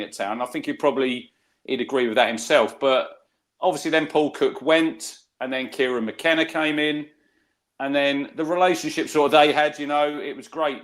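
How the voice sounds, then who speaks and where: A middle-aged man, telling lively football anecdotes in casual podcast chat. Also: mid-range voice. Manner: chatty storyteller, lively anecdotes, many fillers. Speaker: podcast co-host.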